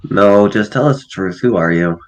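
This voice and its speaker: A man's voice: lowish voice, moderate pace. A man playing in a tabletop game, questioning a character in a dry way. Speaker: player. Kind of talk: casual tabletop play.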